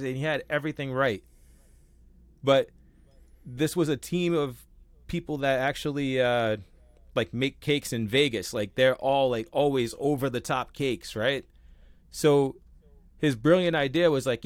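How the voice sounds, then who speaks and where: A young man co-hosting a casual podcast, telling stories with animated quoted voices and casual swearing. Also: medium pitch, unhurried, long pauses, no echo. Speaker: podcast co-host.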